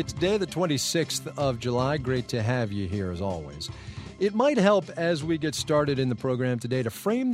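A man's voice: medium pitch, dry recording. A man hosting a public radio business news program from a studio, talking in a conversational way with wry asides. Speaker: news anchor.

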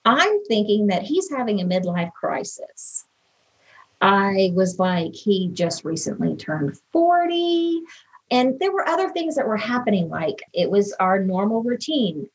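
A woman's voice: medium pitch, very animated, measured pace, husky. A woman in an interview, earnestly and emotionally recalling events from her own life. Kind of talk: personal recollection in an interview.

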